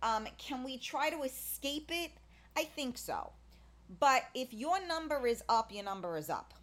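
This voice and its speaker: A woman with a slightly high-pitched voice talks her way through a loose, rambling monologue. She piles up fillers and restarts and speaks bluntly, swearing in passing, as if chatting with friends. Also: big pitch swings, measured pace. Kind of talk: casual monologue.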